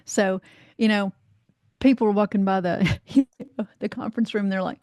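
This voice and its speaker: A woman's voice: medium pitch, moderate pace, no echo. A woman from North Carolina, a life coach, telling a casual story in a podcast interview, acting out what people said, salting her talk with "you know" and swearing freely. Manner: lively anecdote-telling, acts out quoted voices, frequent "you know", swears freely.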